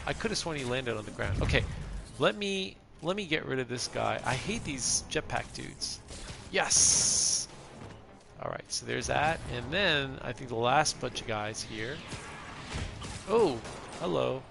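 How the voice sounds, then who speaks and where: A man's voice: mid-range voice, lively intonation, measured pace, creaky, background noise. A man in his thirties giving casual, rambling commentary while playing a video game, laughing often. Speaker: gameplay streamer.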